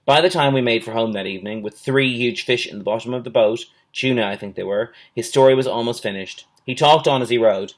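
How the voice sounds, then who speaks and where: A male teacher reading a children's storybook aloud in a steady, measured way. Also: medium pitch.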